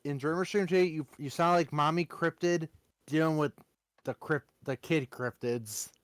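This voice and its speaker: A man's voice: a little high, moderate pace, no room sound, studio quality. A man chatting casually on a live stream with a friend, teasing him in a friendly way.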